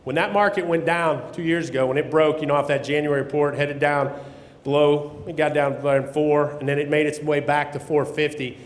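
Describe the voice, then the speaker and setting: A man's voice: on the high side, steady tone, a little fast. A man giving a blunt, folksy conference talk, swearing now and then, recorded through a microphone in a conference hall. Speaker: keynote speaker on grain marketing. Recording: echoey hall, long reverb.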